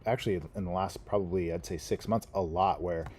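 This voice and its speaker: A man's voice: low voice, steady tone, fairly quick, a little mellow, slight background noise. A middle-aged man hosting a casual podcast chat, talking things through in a reflective way and swearing now and then. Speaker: podcast host.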